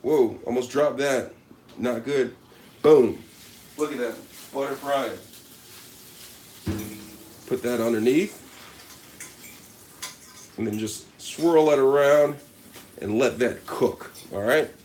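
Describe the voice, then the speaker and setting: A man with a mid-range voice hosts a parody cooking video at home in his kitchen, taking it slowly and pausing often, while a faint hiss or hum runs underneath. As a comedic vlogger in a deadpan style, he boasts and addresses viewers directly, leaning on repeated catchphrases.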